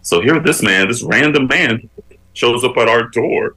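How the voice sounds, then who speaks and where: A man, a guest on an interview show, telling his life story with animated, preacherly emphasis that climbs as he builds a point. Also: mid-range voice, a little slow, low-quality recording.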